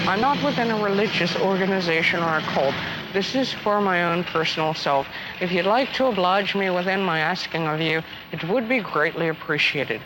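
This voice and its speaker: A man's voice: sits high, normal speed. A man in his twenties asking strangers for money outdoors, using stiff, overly formal, polite phrasing. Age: 20s. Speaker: homeless man panhandling. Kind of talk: documentary street recording. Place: outdoors on city streets. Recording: noisy street recording.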